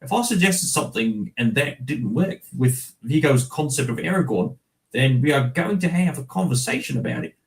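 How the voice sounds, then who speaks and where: A man's voice: mid-range voice, expressive, normal speed, close to an everyday voice. A man voicing a fond middle-aged male film director with a put-on New Zealand accent, reading his quote aloud.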